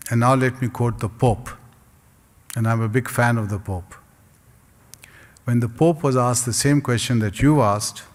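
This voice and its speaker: A man giving a public lecture and answering audience questions in a measured, rhetorical way with humorous asides. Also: medium pitch. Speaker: guest speaker. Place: lecture hall. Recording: long hall reverb.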